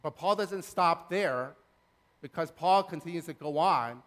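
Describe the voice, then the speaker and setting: A pastor preaching in a church, his fairly high voice carried on a long hall reverb. He is earnest and builds his points by repeating phrases, rising as he presses them home. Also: unhurried, fairly bright tone. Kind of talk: sermon. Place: church sanctuary.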